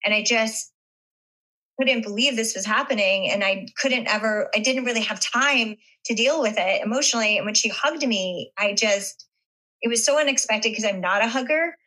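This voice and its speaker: Middle-aged actress guest; bright, hesitant, reflective interview voice. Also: female voice, on the high side, normal speed, rough recording. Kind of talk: interview conversation.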